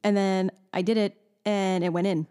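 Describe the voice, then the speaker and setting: A woman's voice: medium pitch, normal speed, clean tone. A woman in her thirties chatting casually as a podcast co-host, animatedly telling stories about her young daughter. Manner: animated storyteller, mimics her toddler. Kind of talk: casual chat.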